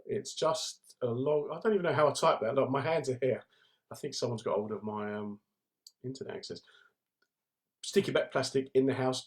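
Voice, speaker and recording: A man hosting a casual live stream from home, joking with viewers and greeting commenters by name. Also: medium pitch.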